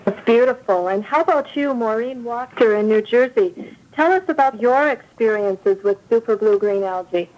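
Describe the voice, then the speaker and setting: A woman's voice: on the high side, moderate pace, dull audio. A woman hosting a call-in program, politely prompting callers with questions. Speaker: host.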